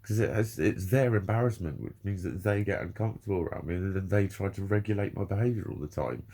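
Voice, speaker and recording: A man's voice: low voice, quick pace, mellow. A man in his forties talking candidly and emotionally to camera, swearing heavily in a confessional monologue. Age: 40s. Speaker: vlogger.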